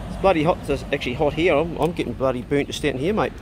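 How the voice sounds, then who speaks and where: With a higher-sounding voice, this New Zealand vlogger in his forties talks very fast over slight background noise. He chats casually through his road trip and speaks warmly to his dogs, filmed handheld in a truck and out by the road.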